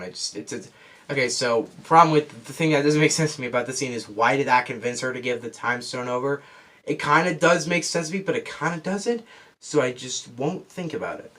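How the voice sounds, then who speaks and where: A man's voice: fairly high pitch, pushed and bright. A man giving a casual spoiler review of a movie, out of breath, rambling and losing track as he restarts his sentences. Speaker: film reviewer.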